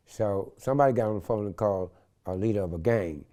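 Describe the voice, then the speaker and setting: An older man from San Francisco, telling stories in an interview with an animated, slangy manner and loud acted-out quotes. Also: low-pitched, normal speed, gravelly, long pauses. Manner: animated, acts out quotes loudly, street slang. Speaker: interview guest. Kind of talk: storytelling in an interview.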